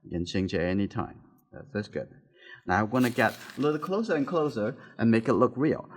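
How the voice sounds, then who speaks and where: Soft-spoken man teaching painting. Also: mid-range voice, expressive, fairly quick. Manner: soft-spoken, talks while painting, nonnative phrasing. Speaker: art teacher. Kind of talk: painting demonstration.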